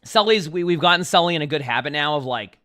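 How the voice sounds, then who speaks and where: A young man talks casually to his livestream viewers, rambling and restarting his sentences. His voice sits a little high and sounds bright and forward. He chats loosely, with plenty of fillers. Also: lively intonation, fast talker. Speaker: streamer.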